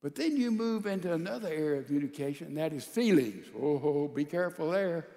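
A male pastor preaching a sermon to a large church congregation, calling out to the crowd and swinging between loud and soft. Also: fairly high pitch, lively intonation, a little fast, in a large hall. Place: large church sanctuary with a balcony.

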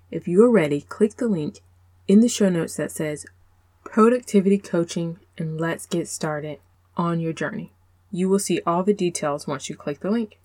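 A woman's voice: lowish voice, dry recording. A woman, hosting a podcast and coaching mothers in an encouraging, chatty way. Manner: warm encouraging, faith-based, speaks straight to listener. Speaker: podcast host and productivity coach. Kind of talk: casual podcast talk.

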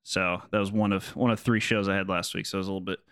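A man with a low, smooth voice chats casually with friends. The sound is dry and close, and he talks in an easygoing, excited way. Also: racing, no room sound. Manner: enthusiastic, laid-back storytelling. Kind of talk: casual chat.

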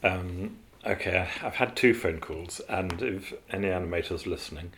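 A man with a very low voice recalls his years as an animator in a relaxed interview. He wanders through his stories, trailing off with ums and starting over mid-sentence. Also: normal speed, slight background noise. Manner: rambling, with many fillers and restarts. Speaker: animator guest. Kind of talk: interview storytelling.

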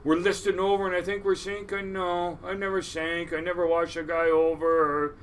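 A middle-aged crab fishing captain with a high voice tells stories in a casual interview. He rambles, swears freely and laughs a lot, with faint noise behind him. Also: little pitch movement, a little fast. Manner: rambling, profane, laughs often.

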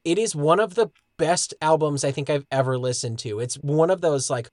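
A man co-hosting a podcast in casual chat, relaxed and earnest, swearing casually. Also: a little high, moderate pace, dry recording, studio quality. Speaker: podcast co-host.

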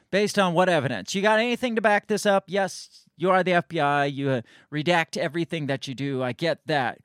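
A man's voice: on the high side, a bit bright, dry recording, clean studio sound. A man hosting casual political commentary, sarcastic and rambling, often restarting his sentences and reading news excerpts aloud.

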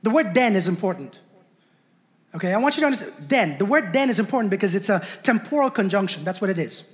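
A man with an unusually high voice preaches with fervent repetition, often turning to the congregation with questions. His sermon rings out with a long reverb trailing through the church hall. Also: lively intonation, fast talker.

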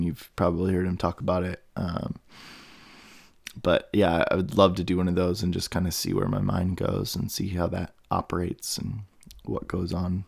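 A man with a low, gravelly voice and a darkish tone hosts a solo podcast, rambling as he thinks aloud with lots of fillers and restarts. He has the hiccups. The sound is clean studio audio with no echo.

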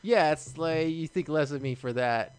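A man's voice: a little high, moderate pace, smooth. A man co-hosting a podcast, talking in casual, profane banter and laughing often. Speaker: podcast co-host.

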